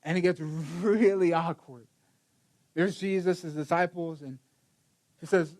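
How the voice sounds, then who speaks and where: A man's voice: fairly high pitch, fairly even intonation, measured pace, long pauses, a little mellow. A man preaching a sermon in a casual storytelling way, acting out the quotes with many restarts. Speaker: pastor.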